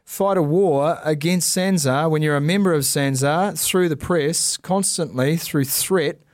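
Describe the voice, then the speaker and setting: A man co-hosting a casual sports podcast, talking in an animated, ranting, sarcastic way. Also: on the high side, measured pace, dry recording, studio quality. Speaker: podcast co-host. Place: podcast studio.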